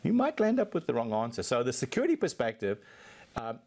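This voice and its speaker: Guy explaining tech stuff in an interview, calm and fluent, mid pitch. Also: fast. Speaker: Microsoft technology executive, guest. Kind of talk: interview answers.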